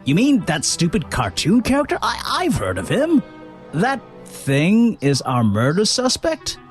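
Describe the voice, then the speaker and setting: An actor playing a gruff, skeptical male detective in a video game, talking with a sarcastic edge. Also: sits high, wildly swooping pitch, a little slow, soft background music, full character voice. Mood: mocking.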